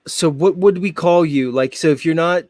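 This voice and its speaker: A man's voice: fairly high pitch, normal speed, a little mellow, no room sound. Rambling forty-something male host. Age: 40s. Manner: rambling, laughs often, many fillers. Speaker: show host. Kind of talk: casual live show chat.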